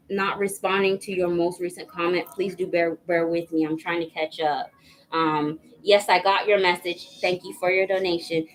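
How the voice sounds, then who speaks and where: A woman's voice: lowish voice, a bit bright, a little hiss or hum, low-quality recording. A woman hosting a live tarot reading stream, greeting and thanking viewers by name in a chatty way, with frequent "um"s. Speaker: tarot reader hosting a livestream.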